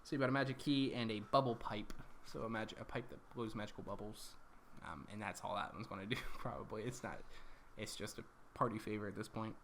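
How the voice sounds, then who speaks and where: A man's voice: on the low side, fairly quick, a bit bright, a little hiss or hum. A man recapping his tabletop campaign as dungeon master, rambling along with lots of ums and corrections.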